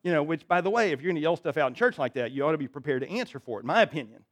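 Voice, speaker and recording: Male pastor, fairly high voice, delivering a casual, folksy sermon full of asides and self-corrections. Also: animated, racing. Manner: conversational and folksy, with frequent restarts and asides. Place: church sanctuary.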